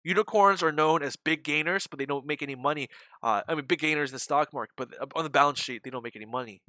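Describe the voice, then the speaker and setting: A man's voice: a little high, fast talker, sharp tone, dry recording. A man hosting a live day-trading stream, chatting casually and rambling with frequent restarts and the odd swear. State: hiccuping. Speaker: day trading livestream host. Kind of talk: casual market chat.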